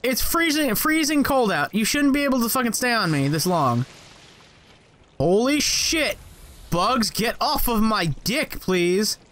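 High-voiced, swearing man playing a game. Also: big pitch swings, measured pace, a bit bright, slight background noise. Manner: profane, jokey, talks to game enemies. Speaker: gameplay commentator. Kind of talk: let's play commentary.

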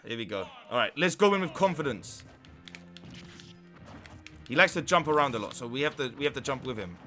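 Excitable young gamer shouting at wins. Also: male voice, mid-range voice, a little fast, faint music behind. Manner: excitable, swings from muttering to shouting at the game. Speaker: gaming YouTuber. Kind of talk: live gameplay commentary.

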